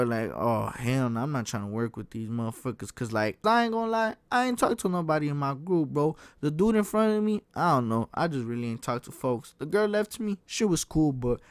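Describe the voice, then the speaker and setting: A young man telling a casual storytime in slangy, profane speech, often calling listeners folks, swinging between hushed and excited. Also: medium pitch, dry recording. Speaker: storytime vlogger.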